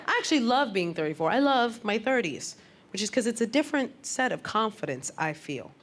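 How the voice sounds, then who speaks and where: A woman's voice: fairly high pitch, fairly quick. A woman in her thirties doing a stand-up comedy routine, acting out the people she talks about in exaggerated voices. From Puerto Rico. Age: 30s. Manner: animated, acts out quoted people in exaggerated voices. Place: comedy club stage before a live audience. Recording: live club recording with reverb and crowd laughter. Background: audience laughter.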